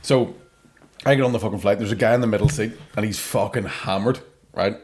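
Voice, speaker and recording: Fast-talking Northern Irish man. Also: on the low side, darkish tone, a little hiss or hum. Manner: rapid storytelling with crude banter. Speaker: podcast host. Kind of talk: casual comedy chat.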